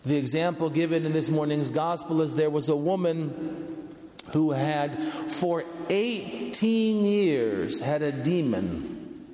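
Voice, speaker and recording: A high-voiced man delivers a slow, earnest sermon, lifting his voice higher to stress a point. He sounds a little distant in a large church, with a long, ringing reverb behind every phrase. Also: expressive, darkish tone. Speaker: priest.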